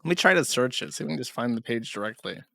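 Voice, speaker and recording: Gravelly sarcastic streaming commentator. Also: male voice, medium pitch, animated, fast talker, pushed and bright, no echo, studio quality. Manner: sarcastic, mocking. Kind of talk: livestream commentary.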